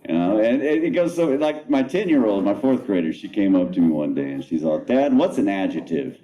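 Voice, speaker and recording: Laid-back profane stand-up comic, low voice. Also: male voice, expressive, fairly quick, mellow, dull audio. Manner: laid-back, rambling, profane, self-mocking. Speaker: stand-up comedian. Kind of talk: stand-up comedy set. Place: comedy club stage.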